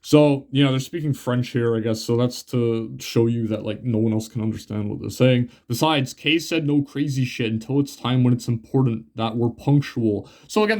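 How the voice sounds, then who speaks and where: A man's voice: mid-range voice, darkish tone. A young man casually reviewing a comic, rambling with many fillers, swearing often and laughing. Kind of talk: casual chat.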